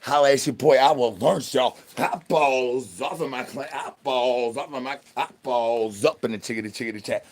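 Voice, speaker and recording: Young man, gravelly fry, live-stream banter, playful nonsense patter, sing-song repeats, phone mic. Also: medium pitch, moderate pace, hardly any pauses.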